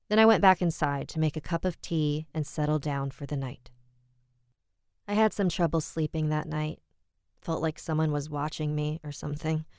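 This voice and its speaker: Low, smooth-voiced woman narrating a horror story. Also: darkish tone, no room sound, clean studio sound. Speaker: podcast narrator.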